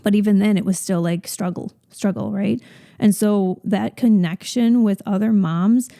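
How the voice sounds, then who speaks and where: A woman's voice: mid-range voice, fairly even intonation, normal speed, vocal fry, warm tone. A woman in her thirties co-hosting a podcast, chatting in a relatable, casual way. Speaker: podcast co-host, fitness business owner. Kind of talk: casual chat.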